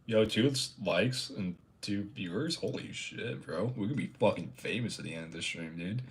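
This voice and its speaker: A man's voice: deep voice, normal speed. A young man chatting casually on a livestream. He rambles, stammers through restarts and laughs often. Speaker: streamer.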